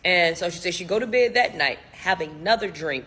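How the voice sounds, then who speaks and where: A husky, slightly breathy voice tells a spooky story as casual storytime. The talk rambles, is full of "like" fillers and keeps slipping into voices for the people in it. The pitch sits in an ordinary middle range. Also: expressive, brisk, bright, forceful tone. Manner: slips into voices for the people quoted.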